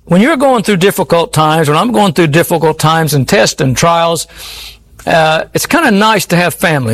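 A man's voice: high voice, fairly bright tone. A man preaching a sermon in an earnest, pleading way, often repeating his words.

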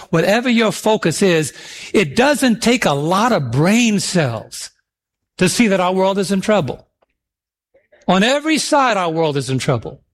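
High-voiced man preaching a sermon. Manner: emphatic, drawn-out scripture reading; calls for audience responses.

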